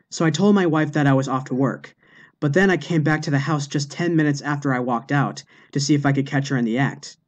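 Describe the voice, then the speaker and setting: A jealous middle-aged husband tells his story in an intense, rambling rush, as a man telling jokes voices him. The voice sits a little high for a man. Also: lightly acted.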